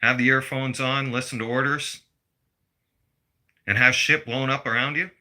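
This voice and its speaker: A man's voice: mid-range voice, steady tone, moderate pace, sharp tone. A middle-aged man delivering a blunt, profane personal rant to his viewers. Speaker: vlogger.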